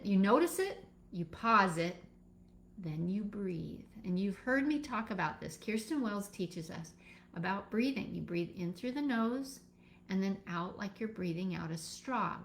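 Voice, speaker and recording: A woman teaching a live session as a birth educator, calm and instructive, guiding listeners step by step with pauses. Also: medium pitch, a little hiss or hum.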